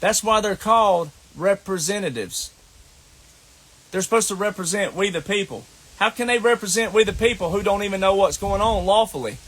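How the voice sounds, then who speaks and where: Speaking at a normal speed, this Southern US man has a high, fairly bright voice. Playing the online commentator, he delivers a combative, scolding rant to camera and keeps circling back to the same points.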